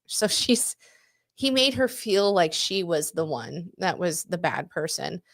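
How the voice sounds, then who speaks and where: A woman's voice: on the low side, animated, moderate pace, fairly bright tone, no echo, studio quality. A woman in her forties co-hosting a podcast, chatting candidly, swearing freely and laughing often. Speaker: podcast co-host. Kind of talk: casual chat.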